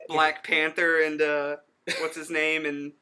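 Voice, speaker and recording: A young man co-hosting a podcast, telling rambling stories in casual chat and quick to laugh. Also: on the high side, monotone, bright, forceful tone, clean tone. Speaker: podcast co-host.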